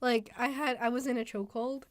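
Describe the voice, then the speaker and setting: A young woman co-hosting a casual podcast at home, playful and teasing with deadpan asides. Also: a little high, a little fast, dry recording, studio quality. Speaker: podcast co-host. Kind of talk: casual chat.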